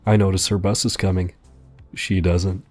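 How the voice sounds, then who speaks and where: Low-ish dude reading out a story, dry deadpan, faint music behind. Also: male voice, normal speed.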